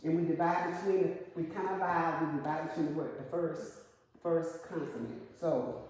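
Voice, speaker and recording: Woman teacher in a classroom, dark mellow voice, lots of echo, asks questions to prompt answers. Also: low voice, normal speed. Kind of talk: classroom instruction. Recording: echoey classroom with long reverb.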